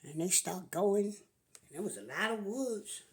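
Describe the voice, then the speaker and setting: A woman's voice: medium pitch, expressive, measured pace, darkish tone, breathy edge. A woman telling a comic story in a drawling, folksy way. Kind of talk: comedic storytelling.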